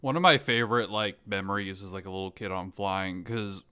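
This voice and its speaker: Bright, crisp-voiced young man chatting. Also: sits low, a little fast. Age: young adult. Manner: animated, acts out scenes with loud laughing. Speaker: podcast co-host. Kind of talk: casual chat.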